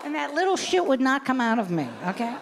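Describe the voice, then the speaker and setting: A gravelly, high-sitting female voice moves at a quick pace over crowd noise and other background noise. She's a woman in her sixties performing stand-up, spinning brash, lively stories and voicing the characters herself.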